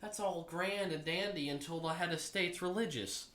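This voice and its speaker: A woman's voice: fairly low pitch, moderate pace, a bit bright. A woman chatting casually with a friend in a home kitchen, opinionated and joking. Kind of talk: casual chat.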